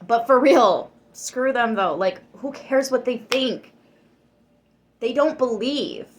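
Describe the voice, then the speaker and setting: A woman's voice: a little high, takes it slowly, slight background noise. A woman giving a tarot reading to her viewers. She talks emphatically, swears freely and gets worked up. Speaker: tarot reader.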